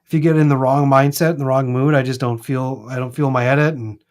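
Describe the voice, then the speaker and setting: A man with a Minnesota accent chatting casually as co-host of a live stream, rambling and animated. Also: medium pitch, brisk. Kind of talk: casual chat. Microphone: streaming mic.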